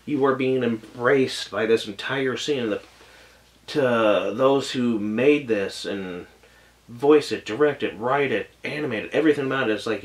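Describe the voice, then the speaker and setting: A man giving a casual video review of an anime, gushing and rambling with lots of "like" and "oh my gosh", and getting choked up at times. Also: medium pitch.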